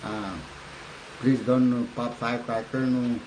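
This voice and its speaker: An older man from the Northern Mariana Islands gives political talk on a home livestream. He rambles and stops short, filling gaps with "uh" and "you know". His pitch sits in the middle, and a faint ambient hum runs behind him. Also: little pitch movement, a little mellow, rough recording. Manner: rambling, halting, frequent fillers and laughs. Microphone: phone or webcam livestream.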